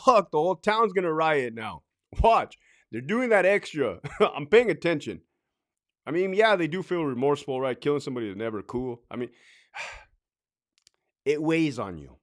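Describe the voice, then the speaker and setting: A man's voice: a little high, sing-song, normal speed, pushed and bright. A middle-aged man and former corrections officer giving blunt, profane advice in a casual monologue. He laughs often and acts out other people's lines.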